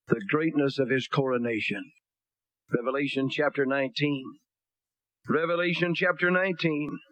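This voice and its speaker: High-voiced preacher, blunt and folksy. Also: male voice, a bit bright, no echo. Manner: reads scripture aloud in King James wording. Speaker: pastor. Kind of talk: sermon.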